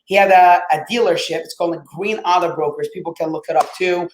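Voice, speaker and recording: A man whose first language is Arabic, telling his story as a podcast guest in a lively, swearing, casual way and acting out quotes. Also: sits high, fast talker, reverberant, low-quality recording. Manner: animated, swears, acts out quotes.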